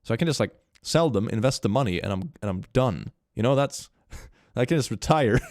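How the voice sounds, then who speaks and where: Young male streamer, stuffy from a cold, lively up-and-down delivery, dry close sound. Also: medium pitch, fairly quick, dry recording. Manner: animated, laughs often, reads messages aloud. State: slight cold, stuffy nose. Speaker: streamer reading chat. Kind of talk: casual live-stream chat.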